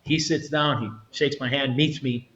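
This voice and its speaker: A man's voice: medium pitch, moderate pace. Roomy-sounding middle-aged male storyteller. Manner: animated storyteller, acts out quotes, frequent restarts. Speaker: retired federal agent, interview guest. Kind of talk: storytelling in a podcast interview. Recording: roomy, slightly dull sound.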